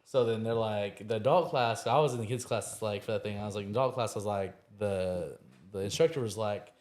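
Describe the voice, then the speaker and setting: Excitable man, casual car-podcast chat. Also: lowish voice, brisk. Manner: excitable, swears, laughs while telling stories. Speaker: podcast co-host. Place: parked car.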